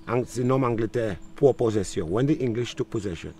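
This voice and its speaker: A man's voice: fairly low pitch, fast, mellow. An older man with a Trinidadian accent, being interviewed outdoors, switching between patois and English and repeating himself. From Trinidad and Tobago. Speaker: local interviewee. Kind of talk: casual interview. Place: outdoors in a village.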